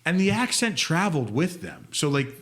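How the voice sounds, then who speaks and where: A man, chatting as a podcast guest and telling animated stories. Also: on the high side, moderate pace. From Northeast Philadelphia. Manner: animated storyteller who jumps into loud character voices. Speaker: guest, food influencer. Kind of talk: casual podcast chat.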